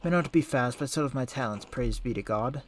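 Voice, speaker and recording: A man voicing a humble elderly monk scribe defending his slow work in a video game. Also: medium pitch, slight background noise, natural voice.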